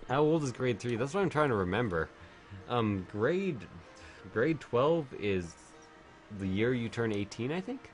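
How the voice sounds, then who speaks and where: A man's voice: mid-range voice, very animated, measured pace, soft background music. A man streaming a video game while drunk, chatting casually, rambling and swearing a lot.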